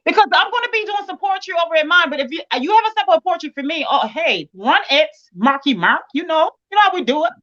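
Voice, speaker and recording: A woman talks as a livestream guest, animated and expressive, with a high voice. Her sound comes through dull and lo-fi. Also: fast, hardly any pauses. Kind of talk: casual livestream chat.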